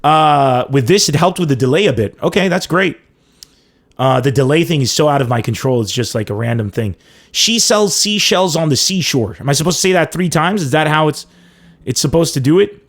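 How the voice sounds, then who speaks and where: A man hosting a casual live-streamed comedy podcast, chatting excitably, laughing often and reading viewer comments aloud. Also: fairly high pitch, a little fast. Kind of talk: casual livestream chat with callers and chat.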